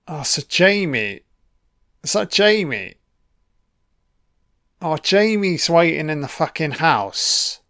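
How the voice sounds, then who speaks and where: A man's voice: fairly high pitch, big pitch swings, slow, long pauses, pushed and bright, no echo, clean studio sound. Foul-mouthed British man heckling a film. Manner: profane, heckling the screen. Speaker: film commentator. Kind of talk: audio film commentary.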